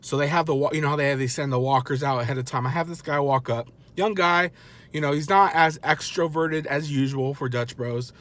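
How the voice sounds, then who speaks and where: Animated self-mocking dad telling a story. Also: male voice, a little high, fairly quick. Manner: animated, self-mocking, acts out the people he quotes. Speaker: vlogger dad. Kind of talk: casual storytelling.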